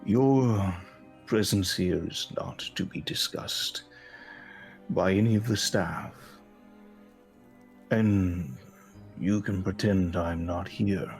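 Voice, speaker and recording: A low, measured voice for an ancient lord of stone, as a game master puts him on. He talks with formal calm, like a neutral party keeping his distance. Soft music plays behind him.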